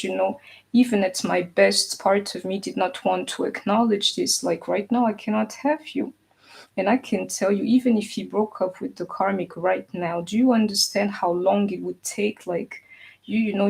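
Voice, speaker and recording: A woman's voice: medium pitch, vocal fry, husky, rough recording. A woman giving a casual tarot reading, talking earnestly and emphatically to an absent partner, with many "you know"s and "like"s. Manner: speaks directly to an absent partner. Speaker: tarot reader.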